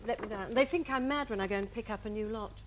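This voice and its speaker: A woman's voice: medium pitch, fast, slight background noise, poor audio. An English woman telling funny stories as a guest on a chat show, acting out the people in them. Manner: lively comic storytelling with put-on voices. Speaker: guest comedian.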